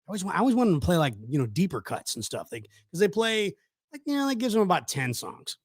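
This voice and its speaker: A man's voice: high-pitched, big pitch swings, fast, husky, dry recording, studio quality. A middle-aged man hosting a casual live show, rambling with many fillers and restarts. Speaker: host. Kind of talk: casual chat on a live stream.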